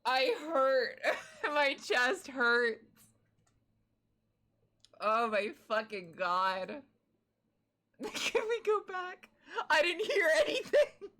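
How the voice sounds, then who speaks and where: A woman's voice: high voice, sing-song, extremely slow, long pauses, sharp tone. A woman streamer chatting casually, laughing often, swearing and exclaiming, breathless from laughing. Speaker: live streamer.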